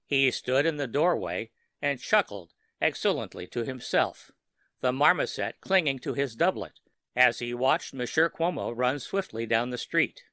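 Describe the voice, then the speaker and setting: Male storyteller for sleep horror: measured and steady, bright tone, dry close sound. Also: medium pitch, no echo. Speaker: narrator. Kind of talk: scripted horror narration for sleep.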